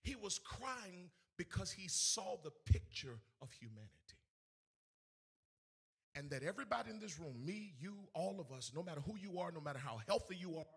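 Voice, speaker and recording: A man preaching a sermon to a congregation, swinging between shouted, sing-song lines and hushed storytelling. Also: high-pitched, lively intonation, normal speed, slightly rough. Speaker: evangelist. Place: in front of a congregation.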